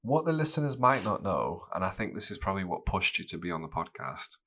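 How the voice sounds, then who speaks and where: A man with a very deep, low voice hosts a podcast in relaxed, casual chat. He teases his guest and laughs often as he talks. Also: fast talker. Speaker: podcast host. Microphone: remote call mic.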